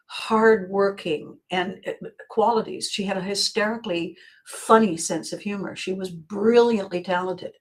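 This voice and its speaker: A woman with a mid-range voice hosts a podcast, thinking aloud in a reflective self-help monologue. She often loops back on her points, repeats phrases, and clears her throat.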